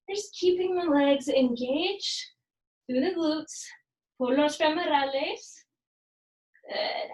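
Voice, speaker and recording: A yoga and fitness instructor with a high voice leads a workout at a slow, unhurried pace, calmly calling out moves and counting down reps. She occasionally drops in a Spanish phrase, and her voice echoes slightly in the room.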